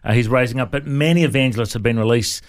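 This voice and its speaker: A man's voice: medium pitch, fast talker. A man hosting a casual radio interview, teasing his guest and speaking with frequent fillers. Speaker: radio host.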